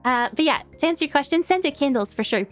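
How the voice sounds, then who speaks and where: Young woman, New York accent, high bright voice, giggly casual stream chat over faint music. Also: lively intonation, fast. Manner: giggly, lots of fillers and restarts. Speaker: streamer answering viewer questions.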